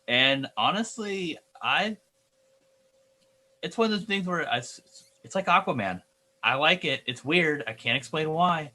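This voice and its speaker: A man with a bright, ringing voice talks loosely about films on a podcast. He hesitates, restarts his sentences and fills gaps with "um" and "I mean.". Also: on the high side, animated, unhurried, pauses often. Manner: rambling, hesitant, with many restarts and fillers. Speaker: podcast co-host. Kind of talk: casual chat.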